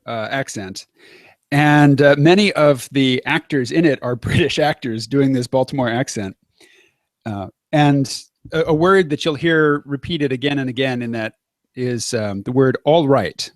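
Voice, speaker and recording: An American man explaining points in a measured, thoughtful way, pausing on fillers as he goes. His voice sits at an ordinary middle pitch. The recording is dry, with no room echo around it. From United States. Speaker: conversation partner. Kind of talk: casual chat.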